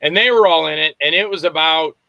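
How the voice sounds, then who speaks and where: A man, a film director, telling lively anecdotes in a casual interview, acting out the voices in his stories. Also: on the high side, brisk, creaky, dry recording, muffled recording. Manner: animated anecdotes, acts out voices and shouts. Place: Tampa area, Florida.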